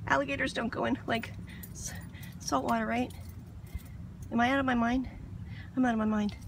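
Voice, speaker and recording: A woman's voice: a little high, steady tone, normal speed, vocal fry, background noise. A woman vlogging outdoors by the water on her phone, talking herself through her nerves with lots of swearing and sudden whispers. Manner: nervous self-talk, heavy swearing, drops to whispers. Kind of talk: casual self-filmed vlog.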